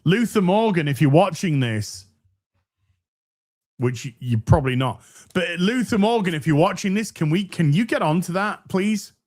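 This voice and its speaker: A man's voice: high voice, expressive, normal speed, a little mellow. An English man co-hosting a podcast, reading out donations in a casual, sweary and jokey way. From England.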